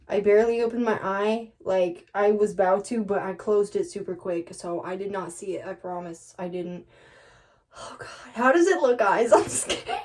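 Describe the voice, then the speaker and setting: A woman's voice: mid-range voice, a little mellow. A woman chatting in a casual vlog, nervous and giggly, laughing often while she works. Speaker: beauty vlogger. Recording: distant from the mic.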